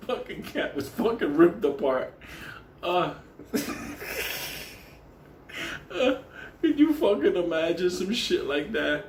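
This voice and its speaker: A man's voice: high-pitched, sing-song, takes it slowly, long pauses, echoey room, slight background noise. A man telling a profane, funny story on camera, swearing constantly and laughing through it. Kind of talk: casual profane anecdote. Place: indoor room on camera.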